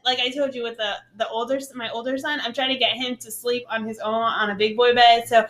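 A woman's voice: on the high side, little pitch movement, brisk, a bit bright. A young woman co-hosting a casual podcast, telling a story and acting out quoted dialogue, laughing often. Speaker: podcast co-host.

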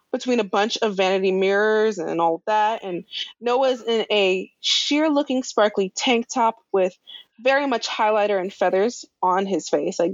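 A woman's voice: medium pitch, no echo. A laid-back woman recaps a TV episode in casual podcast chat. She swears offhandedly and laughs often. The recording is dry and a little dull. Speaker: podcast co-host recapping a show.

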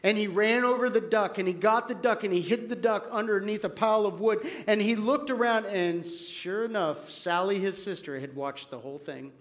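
A man preaching a sermon as pastor, telling stories with animated acted-out quotes and dropping to a quiet, earnest tone when applying them. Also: high voice, moderate pace, few pauses. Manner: animated storytelling, acts out quoted voices; drops to quiet, earnest tone for application.

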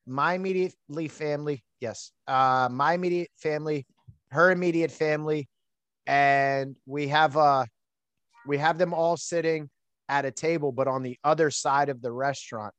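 An outgoing man chats through a long personal story on his podcast, full of fillers and asides. His voice sits a little high, and the sound is close and dry. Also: fairly bright tone, no echo. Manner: outgoing, chatty, lots of fillers. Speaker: podcast host. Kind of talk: casual storytelling chat.

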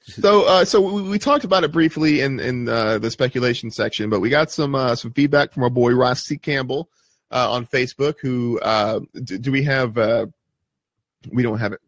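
A man with a gravelly, husky voice whose pitch jumps around as he laughs and steers a casual podcast. He is recorded on a close, dry mic. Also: moderate pace, no room sound. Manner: laughing, leads the segments. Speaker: podcast host. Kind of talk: casual chat.

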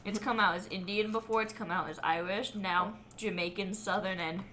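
A woman's voice: mid-range voice, steady tone, normal speed, pushed and bright, a little hiss or hum. A young woman chatting casually with friends, goofy and self-mocking. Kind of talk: casual chat among friends.

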